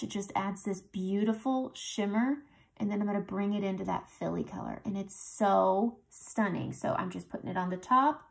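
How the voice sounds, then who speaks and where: A woman with a medium-pitched, gravelly, creaky voice narrates a makeup tutorial close to the mic. Relaxed and chatty, she talks through each step as she applies her makeup.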